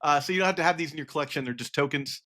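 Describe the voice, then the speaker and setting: A podcast co-host, a man with a high-ish, sharp-toned voice, races through a casual card game podcast. He rambles with many fillers and reads card text aloud.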